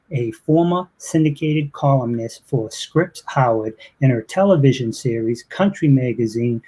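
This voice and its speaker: A man with a Boston accent hosting a live online interview, chatting loosely with quick asides. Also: medium pitch, dark tone, slightly rough, rough recording. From Boston, USA. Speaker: interview host.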